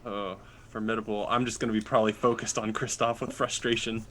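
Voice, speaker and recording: Guy playing a tabletop game, bright tense voice. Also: lowish voice, level tone, fairly quick. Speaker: player.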